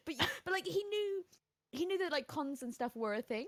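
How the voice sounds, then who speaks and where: A British woman co-hosting a casual podcast chat, talking fast and laughing often as she retells a story. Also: high voice. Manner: chatty, laughs often, quotes people in animated voices. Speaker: podcast co-host.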